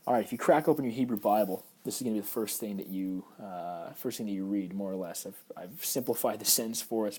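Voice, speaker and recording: A man's voice: fairly low pitch, darkish tone, husky. A man teaching a recorded Hebrew grammar lecture, explaining patiently over slides with frequent fillers.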